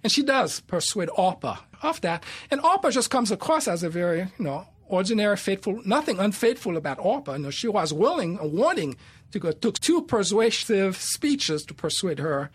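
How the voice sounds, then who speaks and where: A man's voice: high-pitched, very animated, moderate pace, slightly rough. A man who talks through a Bible passage in a thoughtful way, with many fillers. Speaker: Bible teacher guest. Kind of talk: conversational Bible study.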